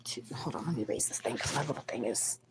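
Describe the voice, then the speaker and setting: A woman's voice: extremely low pitch, animated, fast, whispered. A woman hosting a late-night live stream from home on her phone, talking bluntly and with lots of swearing, rambling while sick with the flu. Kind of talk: casual live stream venting.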